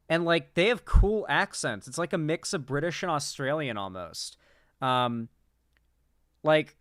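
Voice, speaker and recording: A man's voice: a little high, a bit bright, dry recording, studio quality. A man streaming casual political reaction commentary, rambling and swearing with incredulous asides.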